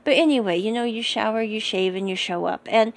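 A woman's voice: fairly high pitch, brisk, vocal fry. A woman with a slightly raised voice talks through a show recap in a loose, chatty way. She digresses often, corrects herself mid-sentence and drifts into personal asides. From United States. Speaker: TV episode recap host. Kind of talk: casual rambling episode recap.

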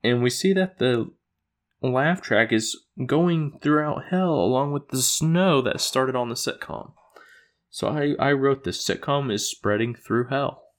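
A man's voice: mid-range voice, measured pace. A man casually recapping an episode he wrote, rambling with fillers, chuckling and correcting himself. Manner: loose and chuckling, with frequent fillers and self-corrections.

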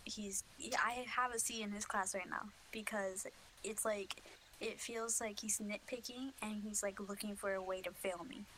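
A woman's voice: medium pitch, fairly even intonation, normal speed, bright, forceful tone, a little hiss or hum, poor audio. A young woman co-hosting a casual podcast, telling a story with lots of fillers. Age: young adult. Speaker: podcast co-host. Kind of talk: casual chat.

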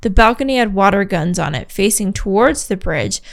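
A woman co-hosting a podcast, reading a story aloud with animated, giggly asides. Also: medium pitch, normal speed, creaky. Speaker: podcast co-host.

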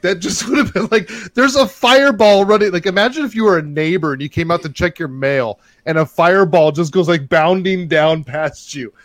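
A man telling a long story in casual chat, rambling and getting loud and animated as it builds. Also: fairly high pitch, no echo. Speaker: podcast host telling a story.

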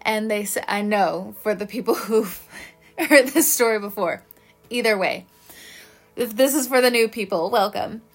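A woman's voice: medium pitch, normal speed, faint music behind. A young woman chatting casually while giving a tarot reading, rambling through stories and laughing often between words. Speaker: tarot reader.

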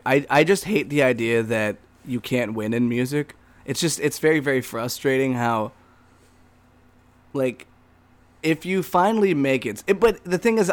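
A man co-hosting a podcast, joking and ranting in a casual, animated chat. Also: mid-range voice. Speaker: podcast co-host.

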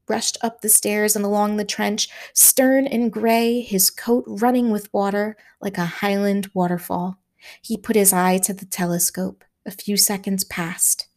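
A woman reading a wartime novel aloud, her delivery measured and dramatic. Her voice sits in an ordinary middle range for a woman, steady and clear as she tells the story. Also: mid-range voice. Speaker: audiobook narrator. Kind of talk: scripted narration.

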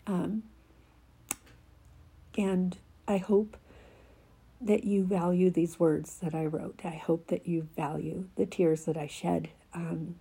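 A woman with a crackly voice reads a devotional she wrote and then reflects on it, heartfelt and halting, sometimes sinking to a soft whisper. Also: on the low side, flat delivery, creaky, breathy edge. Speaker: devotional writer.

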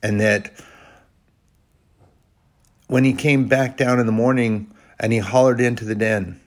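A man preaching a sermon, retelling a Bible story and reading scripture aloud, rising to loud bursts and dropping to quiet, slow lines. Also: medium pitch, fairly even intonation. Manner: reads scripture in old-fashioned phrasing.

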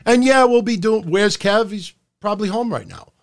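Animated, foul-mouthed middle-aged man. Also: high-pitched, normal speed. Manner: animated, profane, rambling. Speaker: podcast host. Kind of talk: casual live-stream commentary. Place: home room under hot lights.

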